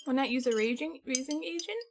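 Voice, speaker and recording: A woman's voice: sits high, a little fast, slight background noise. A woman streamer chatting casually with her viewers from home, rambling along and laughing often.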